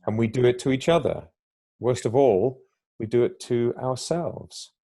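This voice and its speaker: A man with a mellow, warm voice talks at length on a podcast. He is reflective and explains his ideas in a conversational way, now and then acting out little quoted exchanges. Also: mid-range voice, a little slow. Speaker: podcast guest.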